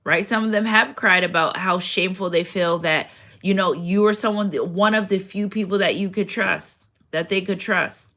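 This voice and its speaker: A woman's voice: mid-range voice, moderate pace, bright, forceful tone. A woman giving a casual spiritual card reading, chatty and repetitive. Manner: chatty, repeats phrases, reads out affirmations. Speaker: tarot card reader.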